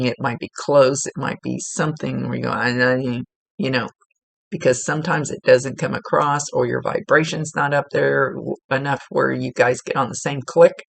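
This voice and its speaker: A woman's voice: rumbling low, vocal fry, breathy edge, no room sound. A woman working as a psychic medium, giving a casual, rambling reading and often correcting herself mid-sentence. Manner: chatty, rambling, self-correcting.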